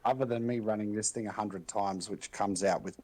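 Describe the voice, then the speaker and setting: A man's voice: on the low side, steady tone, normal speed, darkish tone, low-quality recording. A man co-hosting a podcast, giving brief matter-of-fact replies in casual chat. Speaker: podcast co-host.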